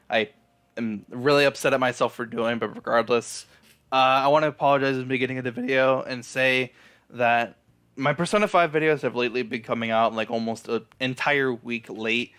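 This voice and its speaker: A man's voice: mid-range voice, fairly bright tone, smooth. A man casually recapping an anime episode, rambling and swearing, with lots of fillers and restarts. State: feeling down and apologetic. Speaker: anime reviewer.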